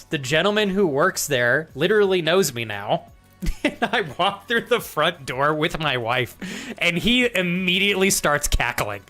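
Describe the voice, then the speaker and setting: A man's voice: high voice, sharp tone. A man with an American accent chatting to his live-stream audience, laughing often and swearing freely.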